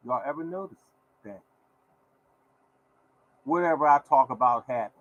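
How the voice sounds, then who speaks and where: A man's voice: a little high, expressive, slow pace, pauses often, dull audio. A man hosting his own lottery podcast, talking in a repetitive, preachy way and scolding his listeners. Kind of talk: casual podcast rant.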